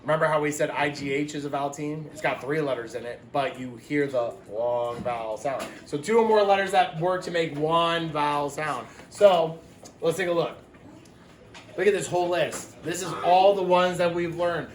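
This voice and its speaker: A man's voice: fairly high pitch, roomy sound, slight background noise. Patient man teaching phonics. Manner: patient, explains words slowly and repeats them. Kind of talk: phonics lesson for young children.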